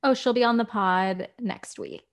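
A woman's voice: a little high, unhurried. A young woman co-hosting a podcast in casual, playful chat, laughing often. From parents from India. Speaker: podcast co-host.

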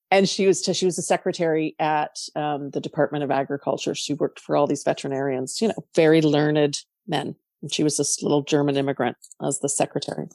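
Middle-aged Canadian woman, low voice, animated storyteller, dry close recording. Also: dry recording. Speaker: podcast guest, coach. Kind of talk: casual interview talk.

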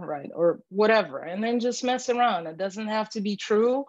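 A chatty woman coaching listeners on dating as a podcast guest, with a voice of middling pitch. She talks animatedly and acts out little sample lines. The audio is slightly dull and dry. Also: expressive, moderate pace, hardly any pauses, a little mellow, dry recording. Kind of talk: casual podcast advice chat.

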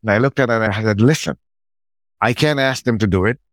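A middle-aged man, a podcast guest, telling a personal story in a relaxed conversational way and acting out his own side of past conversations. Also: fairly low pitch, fairly quick, no echo.

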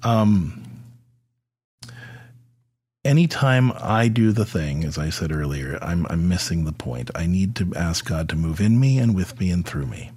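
A middle-aged man talks to fathers about faith, his voice low-pitched and somewhat husky. His delivery is animated and swings widely in pitch. He is conversational and unscripted, with plenty of fillers and repeated words. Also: unhurried. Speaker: podcast host. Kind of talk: faith talk addressed to fathers.

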